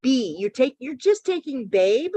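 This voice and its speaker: A woman's voice: high-pitched, sing-song, a little slow, mellow, no echo. A middle-aged woman co-hosting a casual chat, ranting with lots of swearing. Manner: ranting, profane, laughing. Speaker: podcast co-host.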